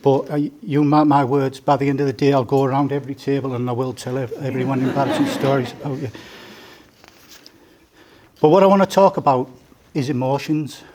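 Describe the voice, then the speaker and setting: A man's voice: medium pitch, steady tone, fairly quick, darkish tone, a little hiss or hum. A man, giving a joking, story-filled father of the bride speech at a wedding reception. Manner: joking, storytelling, teasing the groom. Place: indoor wedding reception room.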